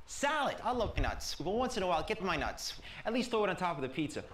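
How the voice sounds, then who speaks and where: A man doing a brash infomercial pitchman. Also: sing-song, exaggerated voice. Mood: hyped sales pitch. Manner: fast, pushy sales patter. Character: loud male infomercial pitchman selling a chopper. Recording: echoey room with loud background noise.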